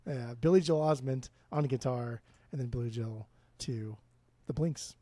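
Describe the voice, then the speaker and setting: A man co-hosting a podcast chats casually about music, rambling, swearing freely, and restarting his sentences. His medium-pitched voice is warm and unhurried, and the recording is dry.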